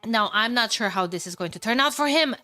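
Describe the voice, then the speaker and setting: A young woman with a Romanian accent casts a strategy match live for her stream, reading chat and commentating in a chatty, easily excited way, with loud exclamations and casual swearing. Her voice is a little high and fairly quick, recorded close and dry with no room sound.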